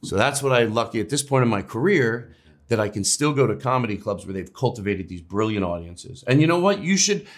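A male comedian as an interview guest, talking in rambling, animated bursts with restarts and swearing. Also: on the low side, brisk. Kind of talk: casual interview chat.

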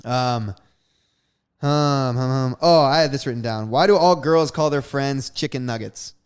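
Young man, podcast co-host, smooth clear voice, laid-back chatter. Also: mid-range voice. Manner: relaxed, drawn-out filler words. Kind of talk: casual podcast chat.

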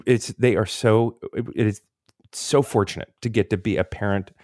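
A man in casual podcast chat, rambling and interrupting himself with quick laughs. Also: fairly low pitch, steady tone, a little mellow, dry recording, clean studio sound. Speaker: podcast co-host.

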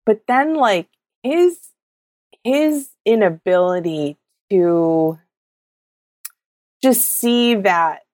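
A woman's voice: mid-range voice, lively intonation, extremely slow, pauses often, a little mellow, no room sound. A woman with a mid-range voice rambles through a casual podcast recap, stammering and restarting, then acting out what people said. Her voice sits close and dry on the mic. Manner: rambling, stammering, acts out quotes. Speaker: podcast co-host. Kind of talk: casual chat recapping a reality show.

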